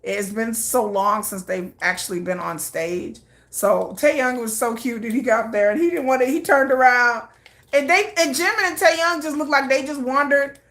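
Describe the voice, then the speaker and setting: A middle-aged woman hosting a casual K-pop news chat, chatty and excitable, often slipping into quick acted quotes. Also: high-pitched.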